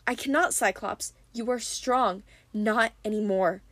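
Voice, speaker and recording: A woman reading an audiobook, voicing an ancient, despairing hundred-handed male giant who murmurs in defeat, with a higher voice and a dry close sound. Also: unhurried, a bit bright, no room sound.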